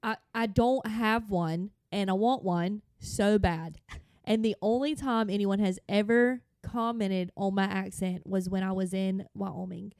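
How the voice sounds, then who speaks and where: A woman's voice: mid-range voice, fairly even intonation, a little slow, a little mellow, clean tone, no echo, clean studio sound. A woman in her thirties with a light North Carolina accent, co-hosting a podcast in casual chat, rambling and laughing often. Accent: North Carolina Southern. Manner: giggly, rambling storyteller. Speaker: podcast co-host.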